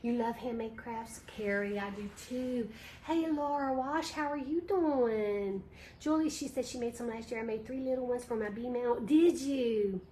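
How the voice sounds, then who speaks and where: Middle-aged woman, chatty livestream craft host, slow unhurried talk, slightly high voice, echoey room, clear background noise. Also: mellow. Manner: chatty, reads viewer comments aloud. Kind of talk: casual livestream chat while crafting.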